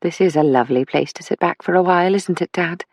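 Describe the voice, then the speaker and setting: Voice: mid-range voice, quick pace, no echo, clean studio sound, lightly acted. A narrator doing a composed young woman investigator. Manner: polite, composed. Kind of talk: audiobook character voice.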